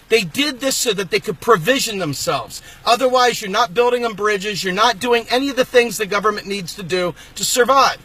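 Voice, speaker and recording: A man hosting his own political channel, delivering an angry, emphatic rant and sometimes shouting. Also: high voice, fairly quick, few pauses. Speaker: host of a political video channel. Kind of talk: impassioned political rant to camera.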